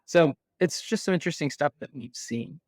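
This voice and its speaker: A man with a somewhat high voice talks through his points as an interview guest, animated and conversational. The recording is dry and close, with no room sound. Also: normal speed, dry recording.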